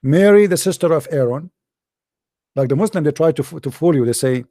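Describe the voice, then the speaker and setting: A man's voice: on the high side, fairly quick, dark tone, dry recording, studio quality. A man giving a scornful, emphatic commentary monologue in non-native English phrasing, repeating phrases and laughing often. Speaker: online religious debater.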